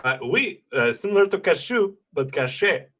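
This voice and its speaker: A man's voice: mid-range voice, lively intonation, unhurried, a bit bright. A man voicing a suave male dog noble with a put-on French accent, patiently coaching others on pronunciation in a tabletop game.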